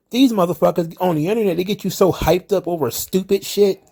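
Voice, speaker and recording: A man's voice: high-pitched, fairly quick, vocal fry, hardly any pauses, warm tone, husky. A man hosting a casual solo wrestling commentary show, ranting sarcastically and cursing often.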